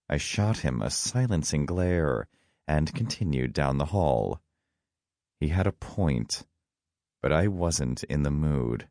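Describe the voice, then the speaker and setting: Very deep-voiced male narrator, dry room. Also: lively intonation, takes it slowly, a little mellow, dry recording. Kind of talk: first-person audiobook narration.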